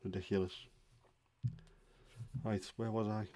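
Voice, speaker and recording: A man's voice: fairly low pitch, little pitch movement, takes it slowly, mellow, no echo. A middle-aged man hosting a livestream from home, chatting casually in a grumbling, self-deprecating way. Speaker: livestream host. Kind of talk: casual chat.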